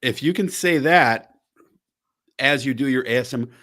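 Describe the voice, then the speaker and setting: A man's voice: medium pitch, a little slow, fairly bright tone. A man hosting a casual podcast, rambling with frequent restarts and the occasional swear word. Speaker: podcast host. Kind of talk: casual chat.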